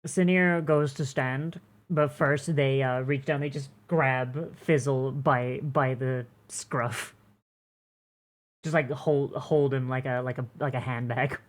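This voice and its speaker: Brief: a woman game master, low-voiced, casual and meandering. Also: fairly even intonation, slow pace. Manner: casual, rambling, heavy on fillers. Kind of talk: narrating a tabletop game.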